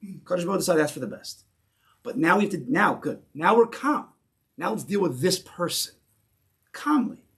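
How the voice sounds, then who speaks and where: A man's voice: high voice, animated, moderate pace, pauses often, a bit bright. A man teaching a Torah class in English mixed with Hebrew terms, emphatic and repeating key phrases as he builds to a point.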